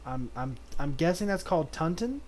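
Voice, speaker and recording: A man streaming a video game in casual commentary, reading the game's text aloud and breaking into sudden excited outbursts. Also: on the high side, normal speed.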